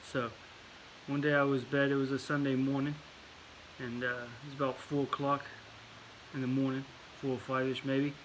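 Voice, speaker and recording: A man's voice: medium pitch, level tone, moderate pace, a bit bright, slight background noise, rough recording. A man telling a casual story to camera in a put-on English accent, rambling with fillers and repeated words. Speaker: vlogger.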